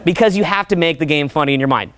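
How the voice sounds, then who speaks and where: A young man coaching a seminar audience in a profane, animated way, often acting out voices. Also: fairly high pitch, quick pace. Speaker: dating coach. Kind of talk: seminar talk.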